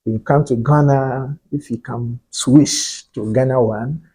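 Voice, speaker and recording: A man's voice: mid-range voice, steady tone, a little slow, warm tone, breathy edge, low-quality recording. A man from Nigeria, talking casually to his viewers as a vlogger and often repeating himself. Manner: chatty, repeats himself, drops in "you get". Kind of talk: casual talk to camera.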